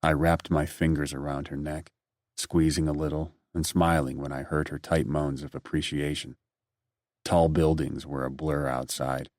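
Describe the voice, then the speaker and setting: A man giving brooding first-person audiobook narration in a low, quiet delivery. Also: no room sound, clean studio sound.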